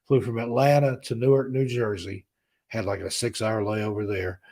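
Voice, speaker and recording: Gravelly low-voiced man in his fifties. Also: flat delivery, moderate pace, darkish tone. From American South. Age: 50s. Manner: rambling, heartfelt, reads chat names aloud. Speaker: host. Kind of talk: casual live-stream chat.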